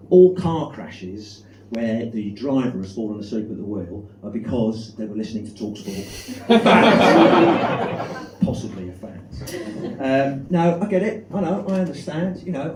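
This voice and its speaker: A middle-aged man with a South London accent works through a stand-up set in a deadpan, self-deprecating way, with plenty of filler words. His voice sits at an ordinary pitch. The club sounds echoey, and the mic is a distance away with noise behind him. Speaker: stand-up comedian. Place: comedy club stage with live audience. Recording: echoey room, mic far off, noisy.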